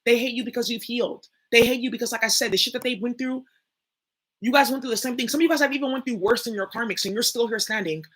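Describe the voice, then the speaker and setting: A young woman speaks bluntly and profanely, addressing her viewers head-on in a loose spoken monologue. Her voice sits a little high and sounds bright and sharp. A husky edge runs through it. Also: fast talker. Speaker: spiritual reader and channel host.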